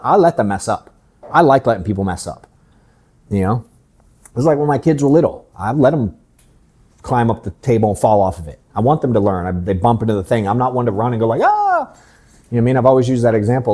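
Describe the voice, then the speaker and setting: Male sales coach, 30s, blunt and candid, mellow dark tone, office workshop. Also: fairly low pitch. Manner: blunt, candid, swears casually. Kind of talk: casual workshop talk.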